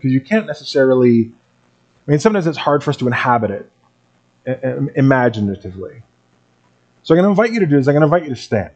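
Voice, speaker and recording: A man pastor reading a Bible passage aloud and then preaching in a relaxed, conversational way to his congregation. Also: mid-range voice. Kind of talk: sermon.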